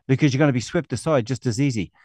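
A man's voice: mid-range voice, racing, a little mellow, breathy edge, no room sound. A middle-aged man with a New Zealand accent hosts an online show, ranting angrily and scornfully with a lot of swearing. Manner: angry, scornful, profane ranting. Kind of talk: ranting monologue.

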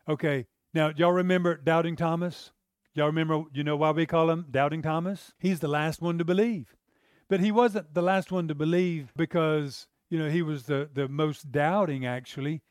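A man's voice: a little high, dry recording, studio quality. A man preaching a sermon in a conversational way, acting out the lines of the people in the story. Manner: conversational, acts out the disciples' lines in character.

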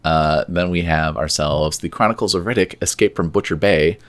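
A man's voice: sits low, moderate pace, a bit bright. A man co-hosting a casual podcast chat, reading ratings off a list with dry asides and filler uhs. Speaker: podcast co-host.

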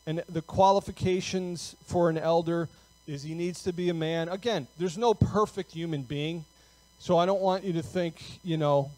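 A man's voice: on the high side, a little mellow, dry recording, rough recording. A male pastor giving a sermon in a conversational way, often checking in with "okay?" and filler words.

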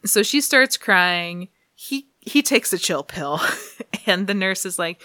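A woman's voice: fairly low pitch, slow pace, pushed and bright, no echo, studio quality. A woman casually recapping a comic story, laughing often and dropping to a whisper for asides. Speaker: podcast host recapping comics. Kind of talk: casual chat.

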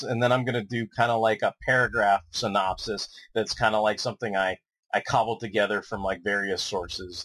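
A man's voice: lowish voice, a bit bright, husky, low-quality recording. A man hosting a podcast, rambling sardonically and swearing as he reads a synopsis. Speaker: podcast host. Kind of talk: casual podcast chat, reading a synopsis.

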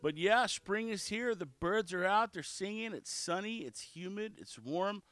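Chatty man with lively pitch. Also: measured pace. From South Texas. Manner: chatty, cheeky, animated storytelling. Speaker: podcast host. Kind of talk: casual solo podcast chat.

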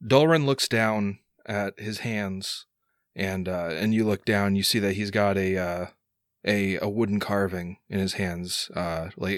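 A man's voice: low-pitched, no room sound, clean studio sound. A man narrating a tabletop game as game master, in loose, filler-heavy speech.

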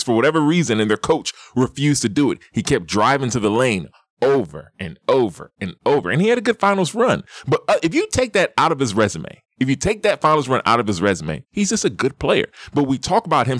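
A man's voice: mid-range voice, dry recording, clean studio sound. Emphatic man arguing hot takes. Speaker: podcast co-host. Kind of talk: casual podcast banter.

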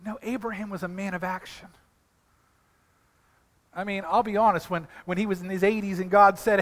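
A middle-aged man preaching a sermon as a pastor, telling animated stories that swing from quiet asides to loud exhortation. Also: high-pitched, normal speed. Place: church sanctuary. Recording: long hall reverb.

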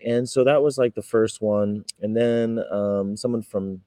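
A Californian man with a fairly low, steady, dark voice vlogs casually to camera about his street activism, speaking unhurriedly with no room sound. He rambles and acts out his confrontations in raised voices.

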